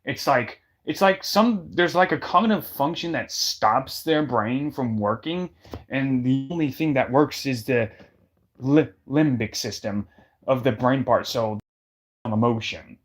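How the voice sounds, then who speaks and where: A man's voice: mid-range voice, a little slow. A man in casual chat, emphatic and repeating his points for effect.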